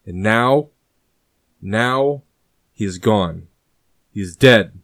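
Man as a furious royal in grief, booming commands, dry close recording. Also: moderate pace, a little mellow, no room sound, natural voice. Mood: grieving fury. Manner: booming, rising into anger. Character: grieving, furious male king, commanding.

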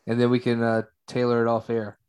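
A man's voice: mid-range voice, completely flat delivery, fairly quick, darkish tone, smooth. A man co-hosting a casual podcast chat, teasing his friends dryly and steering the talk along. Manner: dry teasing, steers the conversation. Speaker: podcast co-host.

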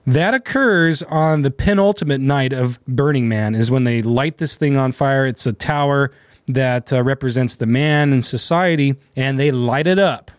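A man's voice: mid-range voice, normal speed, clear, resonant tone, no echo. A man hosting a legal talk show in a studio, chatting casually and sarcastically, laughing at his own story. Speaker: attorney and podcast host. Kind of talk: casual chat. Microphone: studio microphone.

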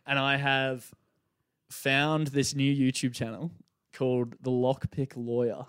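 A man chatting easily as a podcast guest, with a voice of ordinary middle pitch. He spins lively anecdotes, slips into other voices to act out quotes and breaks into laughter along the way. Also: slow, clear, resonant tone. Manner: animated storyteller who acts out quotes and laughs often. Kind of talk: casual chat.

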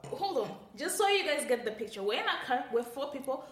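High-voiced giggly woman, roomy sound. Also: very animated, fairly quick, a bit bright. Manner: giggly, chatty, fillers like "like". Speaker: podcast co-host. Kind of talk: casual storytelling chat.

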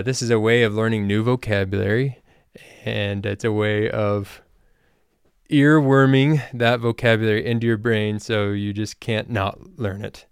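Man, podcast language teacher, relaxed explaining, smooth voice, dry close sound. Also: fairly low pitch, dry recording. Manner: relaxed and explanatory, with loose fillers. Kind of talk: casual spoken lesson.

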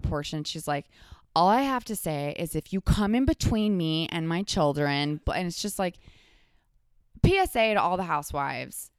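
A woman who is a podcast guest, telling stories in a rambling, animated casual chat full of restarts and asides. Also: on the low side, clear, resonant tone, no room sound, studio quality.

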